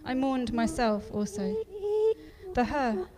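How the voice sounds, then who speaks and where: A poet performs her own spoken-word piece live on a festival stage in front of an audience, using rhythm and repeated phrases. Her voice is a little high, very animated, and slow, against a noisy background.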